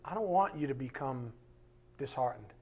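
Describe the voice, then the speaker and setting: A man's voice: mid-range voice, expressive, moderate pace, a little mellow, husky. A man pastor preaching a sermon with emphatic, impassioned delivery, acting out quoted voices along the way.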